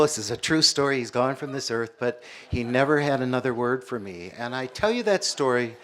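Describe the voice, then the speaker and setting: An American man in his sixties, a university professor giving a public lecture with measured storytelling. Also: mid-range voice, fairly bright tone. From United States. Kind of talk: public lecture with personal stories.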